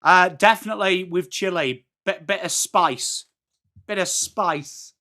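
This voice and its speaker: A man's voice: high voice, a little slow, sharp tone. A middle-aged man from England with an English accent, hosting a live football watchalong, chatting to viewers by name and calling the play as it happens. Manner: chatty, reads out viewer messages and calls play. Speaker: livestream host.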